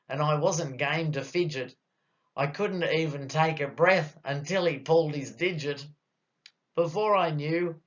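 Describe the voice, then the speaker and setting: A man's voice: fairly high pitch, fairly bright tone, muffled recording. An Australian man reciting a comic rhyming poem in a theatrical, storytelling way. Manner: theatrical, drawn-out storytelling delivery. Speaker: bush poet.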